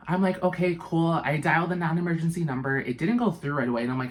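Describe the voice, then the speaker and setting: A young woman vlogger telling a storytime tale in a casual, animated way, full of fillers and swearing. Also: low voice, fairly quick.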